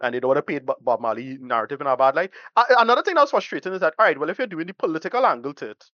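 A blunt, rambling man reviews a film on a podcast, swearing freely and piling up his complaints. He talks fast in a fairly high voice. The sound is dry and a little dull. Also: very animated, pushed and bright, no echo. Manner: blunt, rambling, swears freely, uses Caribbean-style English.

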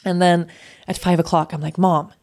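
A woman's voice: lowish voice, little pitch movement, moderate pace, darkish tone. A woman hosting a podcast, telling a personal story in a candid, chatty way with lots of fillers. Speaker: podcast host.

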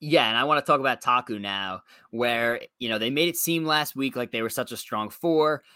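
A man with a bright voice recounts what happened on the show in an easy, conversational way, with the occasional "you know." The sound is close and dry, with no room around it. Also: medium pitch, moderate pace, clear, resonant tone, no room sound. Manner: conversational, recounting events with fillers. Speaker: podcast co-host. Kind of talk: casual chat.

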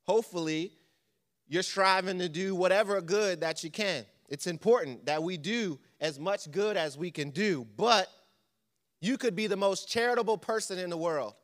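A man's voice: sits high, moderate pace, a bit bright. A man preaching a church lesson, conversational and quizzing the congregation with questions. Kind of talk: sermon.

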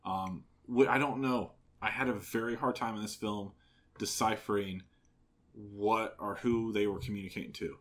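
A man on a casual review podcast gives his opinions in a chatty way. His voice sits on the low side, and he leans on fillers like "you know" and "like.". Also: steady tone, normal speed, fairly bright tone. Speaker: podcast co-host. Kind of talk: casual film review chat.

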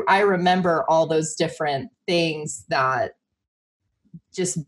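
A woman's voice: lowish voice, a little slow. A woman co-hosting a podcast, chatting casually and affirming her co-host while telling stories. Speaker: podcast co-host and business owner. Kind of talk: casual chat.

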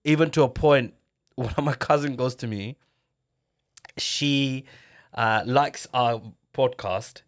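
A man hosting a podcast, telling stories in casual slangy chat with quick laughs. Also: medium pitch. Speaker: podcast host.

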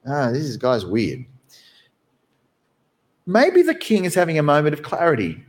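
A man who is a pastor, preaching a sermon from behind the pulpit in an animated, conversational way. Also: moderate pace, pauses often. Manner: animated, conversational preaching with wide swings in pitch.

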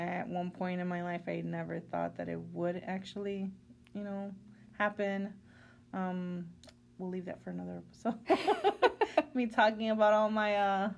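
A woman in her thirties with a lowish, gravelly voice, chatting on a podcast. She talks warmly and reflectively and slips a Spanish phrase in here and there. A faint hum sits under the recording. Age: 30s. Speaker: podcast co-host. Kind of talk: casual chat.

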